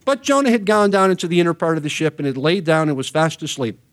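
A man preaching a sermon as pastor, reading scripture quickly and then explaining it with earnest emphasis. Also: a little high, expressive.

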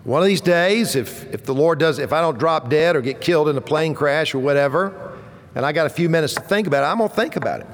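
A man's voice: fairly high pitch, expressive, fast, in a large hall. A man in his sixties preaching a sermon as pastor, emphatic, building toward exclamations and leading the congregation in call-and-response. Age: 60s.

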